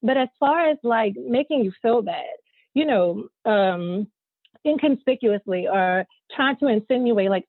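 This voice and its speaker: A candid woman talks with emphasis in a casual podcast chat, swearing freely as she makes her point. Her voice is a little husky and rather high, and it comes through a thin, phone-like line with no room sound. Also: animated, unhurried, dry recording. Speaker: co-host, newly married.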